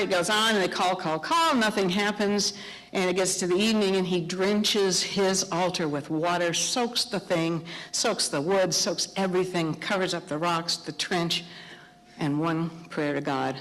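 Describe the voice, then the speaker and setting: A middle-aged woman preaching a sermon, telling a story with animated, acted-out dialogue. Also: lowish voice. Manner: animated storytelling, acting out dialogue in raised voices. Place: church sanctuary. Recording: long hall reverb.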